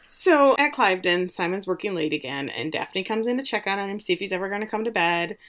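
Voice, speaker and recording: A woman talking through an episode with a friend in loose, casual chat. She fills her sentences with "like" and tosses in snarky, mocking asides. Her voice sits in an ordinary middle pitch. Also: expressive, a little fast, a bit bright. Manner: chatty, heavy on "like", mocking asides.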